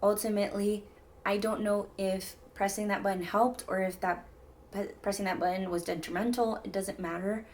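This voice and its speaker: A woman's voice: medium pitch, flat delivery, normal speed, a little mellow, slight background noise. A young woman telling a personal story to her viewers in a chatty, rambling way, full of "like" and "mind you guys". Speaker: vlogger. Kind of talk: casual storytelling to camera.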